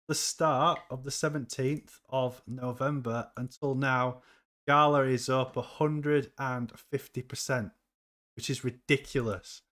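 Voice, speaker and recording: A man's voice: medium pitch, fairly bright tone. A man hosting a casual crypto livestream, chatting upbeat and reading viewers' comments aloud.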